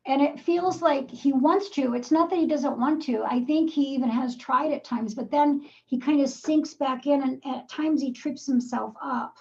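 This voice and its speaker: A woman's voice: sits high, moderate pace, creaky, few pauses, darkish tone, lo-fi sound. A woman psychic medium giving a live reading, asking probing questions and calling the sitter darling and sweetheart.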